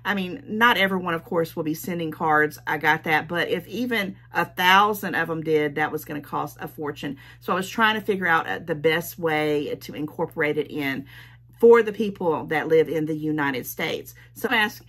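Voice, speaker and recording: A woman's voice: deep voice, moderate pace, fairly bright tone. A woman with a Southern US accent, gushing and repeating her thanks while opening gifts in a casual home vlog. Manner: gushing, effusive, repeating herself. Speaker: YouTube host opening gifts. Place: at home in daylight.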